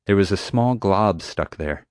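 A man narrating an audiobook in a steady, clear storytelling manner on a close mic. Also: low voice, a little slow, no echo.

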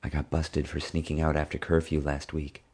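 Reading from a storybook, a man with a deep voice takes on the part of an eager, teasing, bold little girl with endless questions. The mood is hushed, and his voice is husky and darkish, moving at a fairly quick pace.

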